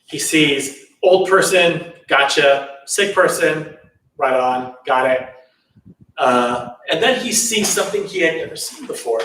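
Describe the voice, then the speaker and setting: A man's voice: on the high side, lively intonation, measured pace, fairly bright tone, far from the mic. A man telling a spiritual story in a loose, chatty way, in a temple hall.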